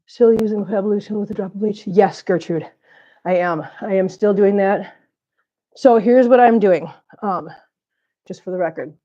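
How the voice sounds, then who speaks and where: A woman's voice: mid-range voice, moderate pace, long pauses. Woman host, casual unscripted chat, short of breath, baby-talks pets; slightly muffled audio. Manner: chatty, coos at cats in baby talk. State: overheated and out of breath. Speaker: cat channel vlogger. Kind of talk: unscripted live-stream chat while cleaning.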